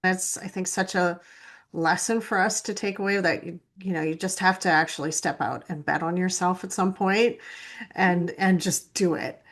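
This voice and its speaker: A woman's voice: fairly low pitch, fairly even intonation, moderate pace, fairly bright tone. A woman hosting a podcast interview, enthusiastic and self-deprecating, laughing often between questions. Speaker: podcast host.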